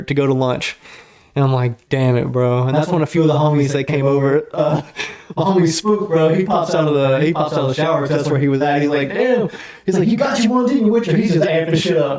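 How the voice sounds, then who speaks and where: A man guest on a podcast, telling a story in a casual, animated, slang-heavy and profane way. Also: on the high side. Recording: roomy echo.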